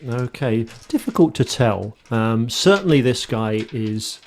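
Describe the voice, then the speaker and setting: A man at mid pitch narrates a tabletop game as game master. He builds each scene haltingly, with ums and restarts. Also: expressive, a little hiss or hum. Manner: hesitant, many ums and restarts while describing scenes.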